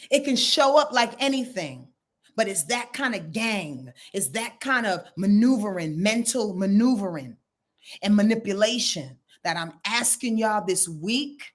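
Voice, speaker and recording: A woman astrologer giving a casual weekly rundown, blunt and profane, talking straight to her viewers and swinging between loud and low.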